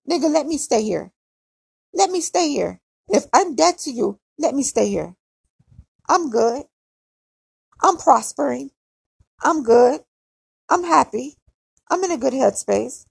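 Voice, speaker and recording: A woman's voice: a little high, creaky, darkish tone, breathy edge, no echo. A young woman venting bluntly in an emotional personal monologue, repeating herself as she talks. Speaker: podcaster.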